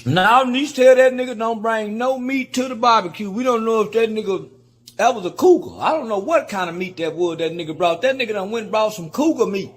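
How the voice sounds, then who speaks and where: Husky high-voiced man ranting loudly. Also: brisk. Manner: loud, insulting, repeats himself. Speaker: guest commentator in a played clip. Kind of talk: profane rant in a video clip.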